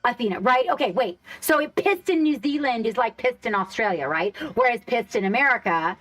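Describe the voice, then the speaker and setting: Woman streamer rambling to chat, cusses a lot, kinda high voice, soft music in the back. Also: animated, fairly quick. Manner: chatty, swears freely, reads chat aloud. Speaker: live stream host. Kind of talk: casual live stream chat.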